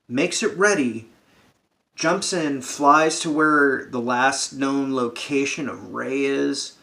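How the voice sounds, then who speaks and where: Speaking at medium pitch with a slightly bright tone, a man tears into a film in a profane, comic rant. Heavy on sarcasm and swearing, he performs the characters' lines along the way.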